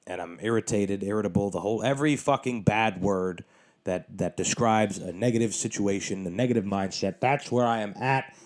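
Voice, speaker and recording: A man hosting his own podcast, telling a long story in a casual, animated way with lots of swearing and exasperation. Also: low-pitched. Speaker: podcast host.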